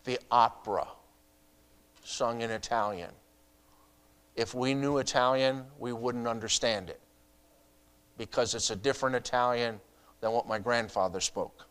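A middle-aged pastor preaching a sermon in a conversational way, asking the congregation rhetorical questions and adding asides. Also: male voice, mid-range voice, a bit bright, clean tone.

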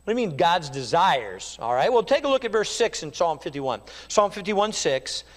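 A man's voice: high voice, big pitch swings, moderate pace, few pauses, in a large hall. A man preaching a sermon with fervent rhetorical questions and acted-out quotes. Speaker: pastor.

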